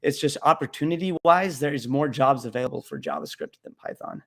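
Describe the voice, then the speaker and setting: A man's voice: medium pitch, big pitch swings, brisk, creaky, fairly bright tone. A young man hosting a casual live question-and-answer stream about coding, talking bluntly and jokingly with plenty of fillers.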